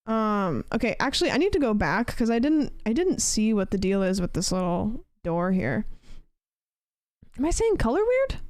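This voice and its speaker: A woman's voice: mid-range voice, expressive, moderate pace, hardly any pauses, a little mellow, dry recording. Chatty young woman streamer, dry close sound. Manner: chatty, rambling, reads and answers chat. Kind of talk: casual chat while gaming.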